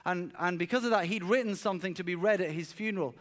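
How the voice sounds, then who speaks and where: A man's voice: high-pitched, fast talker, fairly bright tone. A man preaching a sermon at a church service, telling stories earnestly and often repeating words as he goes. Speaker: pastor.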